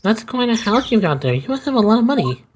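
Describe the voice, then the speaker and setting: A man's voice: high voice, very animated, quick pace, a little hiss or hum, pitched above the performer's own voice. A man doing a perky teen girl magician. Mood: chirpy. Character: perky teenage girl magician, cheeky and upbeat. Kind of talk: fan voice-over dub of a video game. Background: game music.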